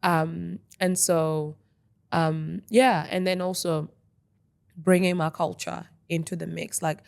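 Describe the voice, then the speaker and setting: Podcast guest, young woman, low and gravelly, lively and talkative, dry studio mic. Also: slow, dry recording. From Australia. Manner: energetic, talkative, frequent "like". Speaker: interview guest. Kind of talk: casual interview chat.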